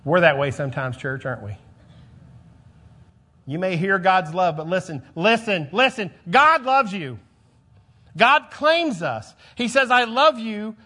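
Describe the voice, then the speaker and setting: A male pastor preaching a sermon, emphatic, repeating phrases and swinging between loud and soft. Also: high-pitched, big pitch swings, unhurried, long pauses.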